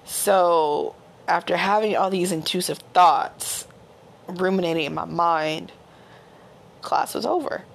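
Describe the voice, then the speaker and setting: Slow, gravelly woman telling a story. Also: fairly low pitch. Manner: candid, laughing, self-deprecating. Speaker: podcast host. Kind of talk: personal storytelling. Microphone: home microphone.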